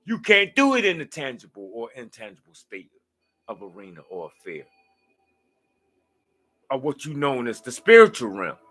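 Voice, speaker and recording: A man's voice: mid-range voice, wildly swooping pitch, normal speed, pauses often, a bit bright. Tired man rambling on a livestream. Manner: loose, slangy, meandering and preachy. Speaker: livestream host. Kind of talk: rambling late-night livestream monologue.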